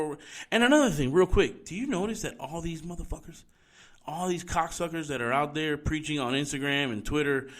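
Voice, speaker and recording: A man's voice: a little high, pushed and bright. A man hosting a solo podcast from home, ranting in a heated, profane way. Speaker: podcast host. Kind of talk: solo opinion podcast rant.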